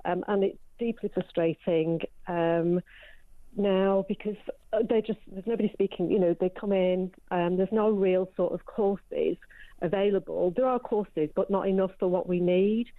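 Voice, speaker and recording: A woman's voice: medium pitch, steady tone, normal speed, no room sound. A woman calling into a radio phone-in, hesitant and full of ums. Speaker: caller. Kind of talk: phone-in call. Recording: dry phone line.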